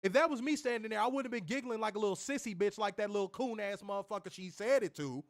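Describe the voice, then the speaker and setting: Angry male co-host, high voice, profane heated rant on a stream. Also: fast talker. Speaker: wrestling show co-host.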